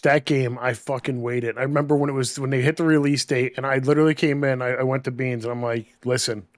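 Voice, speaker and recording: A man co-hosting a gaming chat, telling animated stories, saying "dude" often and laughing mid-sentence. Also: mid-range voice, fast, dry recording, clean studio sound. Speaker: co-host.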